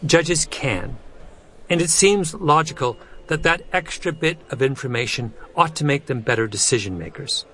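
A man's voice: lively intonation, bright, forceful tone, slight background noise. Man narrating a nonfiction audiobook. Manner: measured, pitch drops low at phrase ends.

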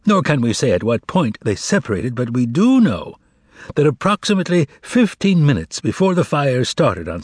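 A male audiobook narrator with a husky voice and a lively, wide-ranging delivery. He reads in measured, expressive literary narration, recorded close and dry. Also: mid-range voice, dry recording.

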